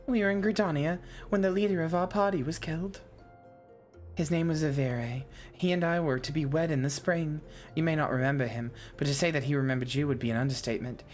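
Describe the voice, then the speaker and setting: A woman voicing a timid, grieving young female adventurer who speaks softly, formally and a little haltingly. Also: low-pitched, soft background music, close to an everyday voice. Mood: sorrowful. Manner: soft, halting, formal and polite.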